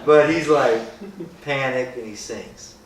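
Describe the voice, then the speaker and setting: Speaking slowly at a medium pitch, a man guides a group through a lighthearted Bible talk. His style is conversational and jokey: rhetorical questions, frequent "right?" tags, and playful impressions of how people respond. The sound is roomy and far off, with faint hiss, from an echoey room full of listeners.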